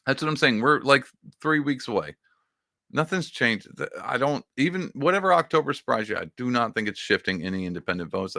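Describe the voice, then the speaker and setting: A man's voice: lowish voice, creaky, no room sound, clean studio sound. A man hosting a political commentary show who talks emphatically and gets fired up. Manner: excitable, emphatic, restarts and fires up. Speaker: podcast host.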